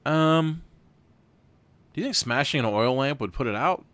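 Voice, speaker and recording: A man's voice: mid-range voice, expressive, moderate pace, long pauses, a bit bright. A man hosting a livestream, reading a gamebook aloud casually, rambling and laughing between passages. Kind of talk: livestream gamebook narration with chat votes.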